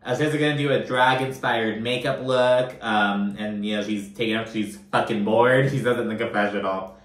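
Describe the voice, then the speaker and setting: A man's voice: lowish voice, fairly even intonation, normal speed, a bit bright, reverberant. A man giving a casual, gossipy recap of a reality show, swearing freely and using lots of fillers. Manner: chatty, profane, gossipy with frequent fillers.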